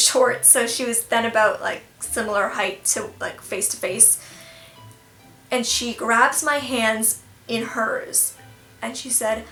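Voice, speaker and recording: A young woman vlogger telling a storytime tale in an animated, self-deprecating way, laughing at herself. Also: fairly high pitch. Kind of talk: storytime vlog. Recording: echoey room, faint music.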